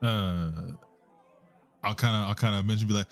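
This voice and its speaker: A man's voice: lowish voice, steady tone, normal speed, long pauses. Male tabletop player, casual, stammering, faint music behind.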